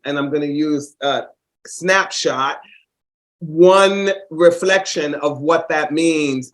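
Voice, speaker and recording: A man hosting a podcast interview, asking questions in a thoughtful, halting way. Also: fairly high pitch. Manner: thoughtful, halting, with many fillers. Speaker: podcast host. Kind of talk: interview conversation.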